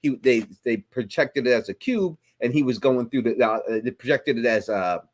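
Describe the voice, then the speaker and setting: A man's voice: medium pitch, expressive, normal speed. A man hosting a live stream, explaining fan theories at length with many restarts. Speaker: host.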